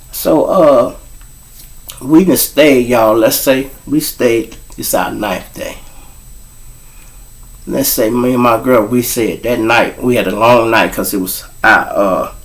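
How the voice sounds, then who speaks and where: A man from Chicago hosting his show, telling a story in a casual, profane style full of street slang. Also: lowish voice. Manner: profane, street slang, addresses listeners as y'all. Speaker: host, storyteller.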